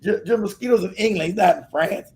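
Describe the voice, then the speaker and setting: A man with a high, gravelly voice trades casual jokes on a talk show. He riffs loosely, and sometimes he breaks into silly put-on voices to act out his point. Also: fast talker, a little mellow. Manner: joking, riffing, acting out silly voices. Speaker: co-host. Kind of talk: casual podcast banter.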